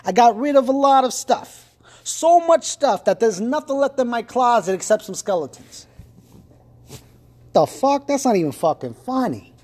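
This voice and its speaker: A man's voice: extremely high pitch, lively intonation, normal speed, a little mellow, pitched above the performer's own voice. A man voicing a foul-mouthed, hot-tempered mob boss who rants profanely in a comedic monologue. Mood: ranting. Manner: profane, ranting, threatening.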